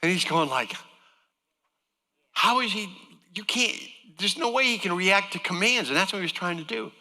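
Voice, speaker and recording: A man's voice: high-pitched, expressive, moderate pace, pushed and bright, long reverb tail. A man giving a folksy, joking personal testimony as a guest speaker to a church congregation.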